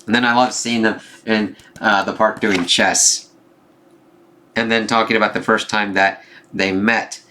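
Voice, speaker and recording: In a measured, level, lowish voice with a sharp edge, a man casually recaps a comic issue and reads its dialogue aloud, mostly keeping his own voice. His retelling is loose and full of fillers and swearing, with a little hiss or hum in the recording.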